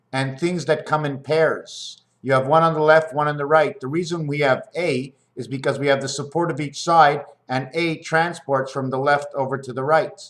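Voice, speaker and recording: A man musing in a rambling, free-associating monologue at home, asking his viewers questions as he explains his designs. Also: fairly high pitch. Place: at home near his fridge, indoors.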